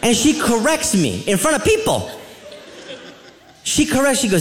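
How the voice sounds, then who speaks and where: Brief: middle-aged male comic, high and bouncy delivery, roomy venue sound. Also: normal speed, noisy background. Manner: animated storytelling, rambling asides. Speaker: stand-up comedian. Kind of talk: stand-up comedy set.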